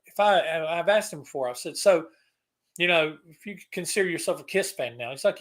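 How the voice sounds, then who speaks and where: A man's voice: a little high, a little fast, a bit bright. A middle-aged man hosting a casual online chat, rambling and often restarting his sentences. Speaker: podcast host.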